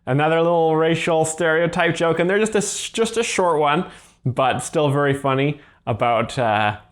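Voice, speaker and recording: A man hosting as a joke explainer, speaking in a deadpan, earnest way that over-explains every joke. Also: fairly high pitch, normal speed. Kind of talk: deadpan commentary.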